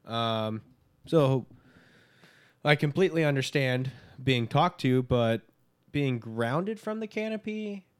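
A man's voice: medium pitch, expressive, takes it slowly, clear, resonant tone. A young adult man, a guest in a casual chat, telling stories in a laid-back, profane way.

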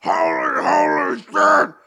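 Hulk, a roaring rage. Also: male voice, extremely high pitch, wildly swooping pitch, slow, creaky, voice pushed up, full character voice. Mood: raging. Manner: shouting, roaring insults in a strained voice. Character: raging green giant doing an angry office rant.

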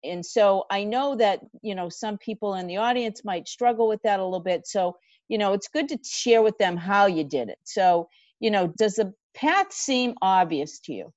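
A woman's voice: mid-range voice, animated, normal speed, darkish tone, no echo, lo-fi sound. A woman hosting a podcast interview, asking long, rambling questions with interested reactions. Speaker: podcast host.

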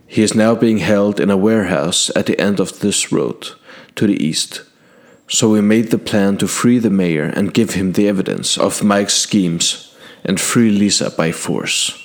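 Low-voiced man narrating a fantasy tale. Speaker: storyteller. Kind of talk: in-character fantasy narration addressed to a king.

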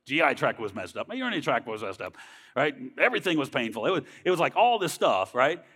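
Very animated and quick, a mid-range male voice with a fairly bright tone and a breathy edge rings through a large hall. He is sharing his personal faith testimony in church, speaking earnestly and conversationally and repeatedly tagging his sentences with "right?"

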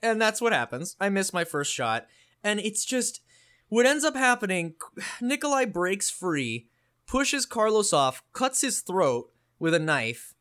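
Guy on a gaming podcast, high voice, bounces all over the place, clean smooth sound, swears a lot. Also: unhurried. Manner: animated and profane, acts out characters' lines. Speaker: podcast co-host. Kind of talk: casual gaming podcast chat.

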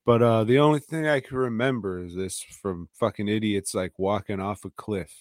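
A man's voice: fairly low pitch, moderate pace, no room sound, studio quality. A man co-hosting a podcast, crude and sarcastic, swearing through a casual movie chat. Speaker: podcast co-host.

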